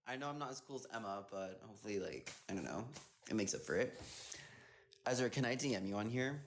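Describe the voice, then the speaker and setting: A man's voice: lowish voice, expressive, brisk, creaky. A young man chatting casually on a phone livestream, reading viewer comments aloud and answering them playfully, often trailing off mid-thought. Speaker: dancer hosting an Instagram live.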